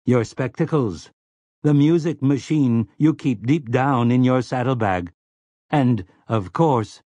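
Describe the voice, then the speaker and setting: A man's voice: medium pitch, measured pace, no echo, lightly acted. A man voicing a prissy, complacent male robot servant in an audiobook, talking in a silky, fussy, self-satisfied way. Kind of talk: audiobook character voice.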